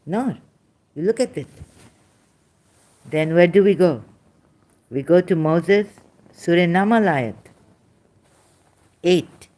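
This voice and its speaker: A woman giving an informal lecture, reading scripture verses aloud in halting, non-native English phrasing. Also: fairly low pitch, expressive, dark tone. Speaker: religious critic presenting scripture.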